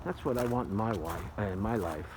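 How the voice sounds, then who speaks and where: A man's voice: on the low side, a little fast, noisy background. An older retired man rambling and joking as he films a casual walking vlog outdoors. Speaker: vlogger. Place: outdoors in an arboretum.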